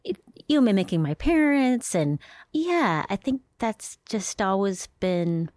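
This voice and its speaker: A woman comedian from Minnesota, a guest in a casual chat, halting and self-interrupting, dropping into soft whispered asides. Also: medium pitch, big pitch swings, no echo, clean studio sound.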